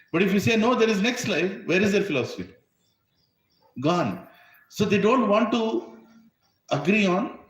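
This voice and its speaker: A man's voice: a little high, roomy sound, low-quality recording. A man with an Indian accent giving an emphatic religious discourse, full of rhetorical questions. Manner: emphatic, rhetorical, asks "right?" often. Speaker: spiritual teacher.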